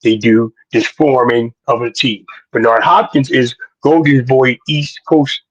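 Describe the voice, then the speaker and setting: A man co-hosting a boxing podcast, loud and preachy, full of slang, sometimes shouting. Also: medium pitch, steady tone, measured pace, breathy edge, highs cut off. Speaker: podcast co-host. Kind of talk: animated boxing talk.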